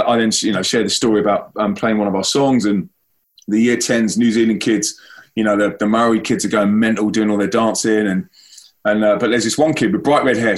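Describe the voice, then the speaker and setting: A young man from a Christian band gives a storytelling speech to a school audience, telling a long tale. He's animated and acts out the voices of the people in it, making big leaps in pitch when quoting them.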